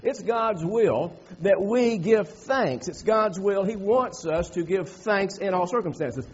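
Husky folksy man preaching. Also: high-pitched, slow, lo-fi sound. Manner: folksy, repeats phrases, rising to emphatic preaching. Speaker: pastor. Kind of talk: sermon. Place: church sanctuary.

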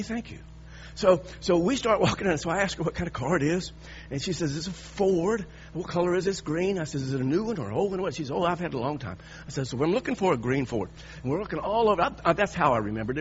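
A man in his sixties preaching, telling a personal story with lively, halting restarts. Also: a little high, lo-fi sound, slight background noise. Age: 60s. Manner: animated storytelling with repeated restarts.

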